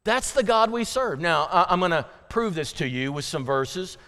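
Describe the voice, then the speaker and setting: A man preaching a sermon as pastor, reading scripture dramatically, swinging between loud pleading and hushed emphasis. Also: high voice, lively intonation, normal speed, long reverb tail.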